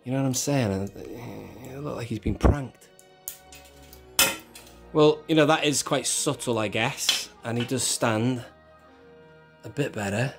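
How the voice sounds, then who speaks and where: A man's voice: mid-range voice, slow, vocal fry, pauses often, music in the background. A man hosting his own channel, talking through a hands-on toy tutorial in a chatty, rambling way that keeps correcting itself. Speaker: toy collector channel host.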